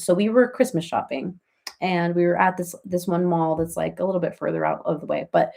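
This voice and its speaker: A woman's voice: fairly low pitch, creaky, dark tone, voice pushed down. A woman doing a comic impression of a chatty reality-TV mom, rambling through gossip and family stories on a live stream and laughing as she talks. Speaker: comedian doing a parody live chat.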